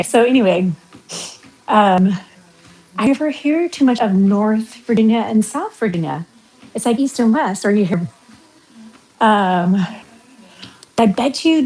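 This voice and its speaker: A woman's voice: mid-range voice, a little mellow, rough recording. Woman, middle-aged, West Coast American accent, chatty, rambling, livestream vlogger. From western United States. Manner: chatty, rambling, reads out viewer comments. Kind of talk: casual livestream chat while walking.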